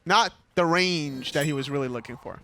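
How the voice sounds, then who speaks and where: A man giving esports color commentary, analytical and calm as he explains strategy. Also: fairly high pitch, normal speed, a little hiss or hum.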